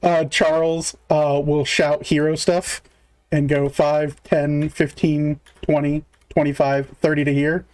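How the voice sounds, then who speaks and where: A man's voice: fairly high pitch, level tone, takes it slowly, a little mellow, clean tone. A man narrating as game master in a casual, filler-heavy way, counting moves aloud.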